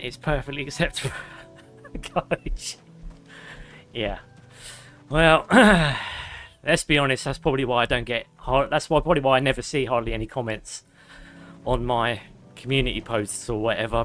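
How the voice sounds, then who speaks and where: With game music in the background, a young man plays a video game live and chats casually with his viewers, reading chat messages aloud and swearing occasionally. His voice is medium in pitch and a bit bright.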